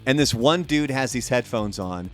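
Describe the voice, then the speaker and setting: Hosting a casual podcast, a man tells a story packed with swearing and quotes he performs, all in an animated, profane manner. He talks at normal speed with medium pitch, and soft music plays behind.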